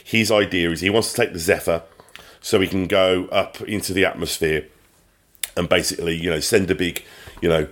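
A man co-hosting a podcast, recapping a TV episode in casual chat, rambling with many pauses and restarts. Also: deep voice, steady tone, a bit bright. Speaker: podcast co-host.

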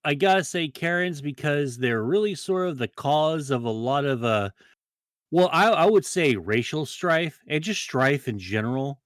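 A man's voice: on the high side, animated, measured pace, no room sound. Crude, rambling man with a dry sound. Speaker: frequent podcast guest. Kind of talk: casual podcast banter.

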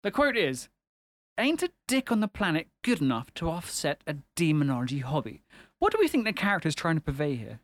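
A man's voice: fairly high pitch, very animated, brisk, no echo. Giggly man hosting a podcast. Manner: giggly, teasing, laughs often. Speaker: podcast host. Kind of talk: casual chat.

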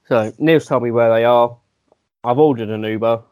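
A young man tells his part of a story in a low-key, self-deprecating way, stumbling over a few restarts. His voice is mid-pitched and sounds dry and close, with no room around it. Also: normal speed, clear, resonant tone, no echo, lo-fi sound. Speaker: guest. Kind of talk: casual storytelling chat.

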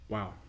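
A man hosting a commentary show, reacting to clips in a lecturing, scornful way. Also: heavy background noise. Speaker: host.

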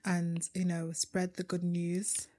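A woman's voice: fairly low pitch, completely flat delivery, slow, warm tone. A young woman co-hosting a podcast, chatting casually and laughing easily. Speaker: podcast co-host. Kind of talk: casual chat.

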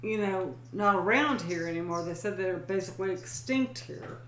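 A woman's voice: medium pitch, moderate pace, a bit bright, roomy sound, a little hiss or hum. A woman, co-hosting a podcast and telling a story with casual swearing and laughter. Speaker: podcast co-host. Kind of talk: casual chat.

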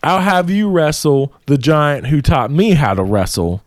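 A man's voice: fairly high pitch, animated, unhurried, no room sound, studio quality. A man voicing a boastful giant king who teases his guest in a cocky, profane way. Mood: scheming.

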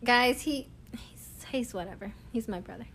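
A young woman, telling a long everyday story in a casual, animated way and laughing often. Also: on the high side, moderate pace, breathy edge. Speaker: vlogger.

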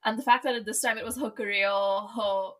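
A young woman co-hosting a casual chat, talking fast with lots of "like" and frequent laughs. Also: medium pitch, steady tone, fairly bright tone. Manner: chatty, laughs often, many likes and fillers. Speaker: podcast co-host.

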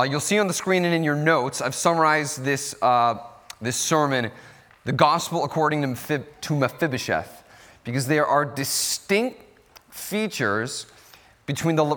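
A man's voice: a little high, a bit bright. A man filling in as guest preacher, giving a conversational sermon with frequent fillers. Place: church sanctuary. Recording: long hall reverb.

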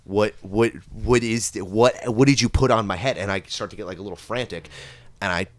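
A man's voice: lowish voice, a little fast, no room sound. A man co-hosting a podcast, telling a wild story in casual chat, swearing freely and acting out screams. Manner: animated storyteller, swears a lot, shouts out quoted screams. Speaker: podcast co-host.

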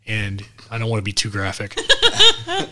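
A man's voice: lowish voice, normal speed. A man co-hosting a podcast, telling a funny story in casual, profane chat and acting out the people in it. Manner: animated, profane, acts out quoted voices. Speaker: podcast co-host.

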